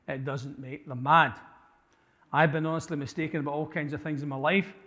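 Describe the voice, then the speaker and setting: A man presents a talk to a live church audience in a conversational way, often asking the room questions and correcting himself mid-sentence. His voice sits a little high for a man. The recording carries the long reverb of a church hall. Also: fairly even intonation, brisk, bright, forceful tone, slight background noise. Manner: conversational, asks the audience questions, frequent restarts. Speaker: church speaker.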